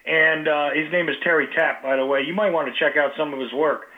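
A man's voice: fairly high pitch, fairly even intonation, quick pace. A man hosting a talk show, speaking casually with many fillers and restarts. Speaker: radio talk show host. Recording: tinny phone-line audio.

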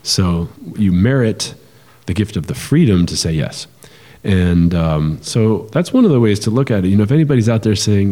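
A man's voice: on the low side, lively intonation, normal speed, warm tone, big-room sound. A man co-hosting a podcast, talking casually and with animation, explaining ideas with lots of fillers and restarts. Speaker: podcast co-host. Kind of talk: casual conversational podcast talk.

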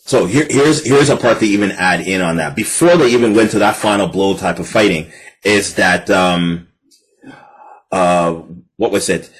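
A man co-hosting a podcast in casual chat, animated and breaking into high squeals as he acts out cartoon lines. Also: normal speed, husky, low-quality recording. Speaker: podcast co-host.

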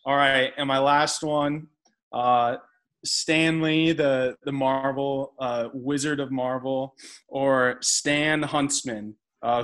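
A man's voice: medium pitch, a bit bright. A man co-hosting a podcast, talking in a playful, joking way. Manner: playful, jokey. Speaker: podcast co-host. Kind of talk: casual interview chat.

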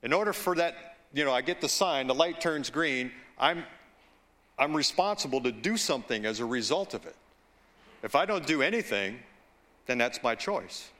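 A male pastor preaching a sermon, slow and deliberate, with storytelling asides and calls for agreement from the congregation. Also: medium pitch, animated, a bit bright.

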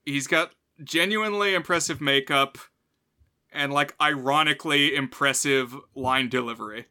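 A man co-hosting a podcast, talking casually in an upbeat, joking way with quick asides. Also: on the high side, pushed and bright, clean tone. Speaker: podcast co-host. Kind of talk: casual chat.

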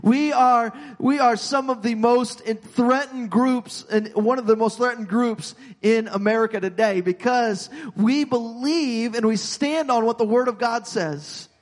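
High-voiced man preaching in a reverberant hall. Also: a little slow, few pauses. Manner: earnest preaching with frequent repeated words and restarts. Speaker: pastor. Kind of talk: sermon.

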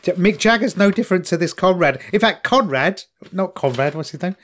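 A man's voice: high voice, animated, a little fast, a bit bright. Blunt, crude man bantering. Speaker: podcast co-host. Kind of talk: casual chat.

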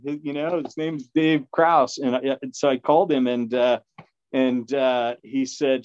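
A podcast guest tells a story in a casual, rambling way, full of fillers, restarts and frequent laughs. His steady voice is unhurried. The sound is dull, dry and low-fidelity.

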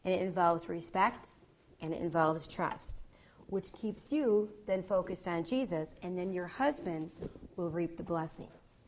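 A woman's voice: lowish voice, a little slow, a little mellow, a little hiss or hum. Gregarious woman teaching married couples. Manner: gregarious and goofy, checks in with "okay?". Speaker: marriage seminar speaker.

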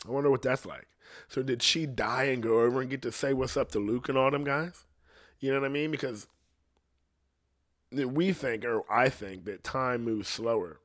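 A young man rambles through a casual rant at an ordinary middle pitch. He swears constantly and restarts his sentences as he goes. His voice swings from excited bursts to low, mumbled asides. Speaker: singer ranting to camera.

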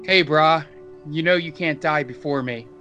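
A man's voice: fairly high pitch, normal speed, pushed and bright, faint music behind. A man voicing a big, easygoing male half-orc king who talks in surfer-style slang. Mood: teasing.

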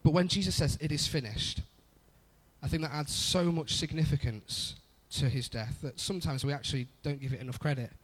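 A man's voice: on the high side, fairly quick, few pauses, husky. A young adult man preaching a conversational sermon, often repeating phrases for emphasis. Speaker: pastor.

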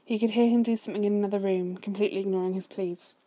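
A woman narrating fan fiction aloud in a steady, soft-spoken reading voice. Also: mid-range voice, rapid-fire. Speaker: story reader.

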